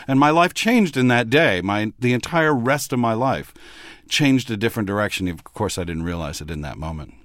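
A man from Texas, a radio host, guesting on a podcast and telling stories in an articulate, measured way. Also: on the low side, animated, a bit bright, dry recording. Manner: articulate, measured storytelling with fillers. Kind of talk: conversational interview.

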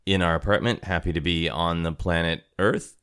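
A man's voice: low-pitched, fairly even intonation, normal speed, a bit bright, clear, resonant tone. A man hosting a podcast from his apartment, chatting casually in a rambling, self-deprecating way and laughing often. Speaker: podcast host. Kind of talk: casual chat. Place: home apartment.

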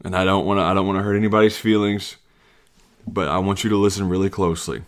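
A man in his thirties hosting a solo podcast from his basement. He rants and jokes, jumping from loud mocking bits to low muttered asides. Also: quick pace. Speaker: podcast host. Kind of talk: solo comedic rant. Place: home basement.

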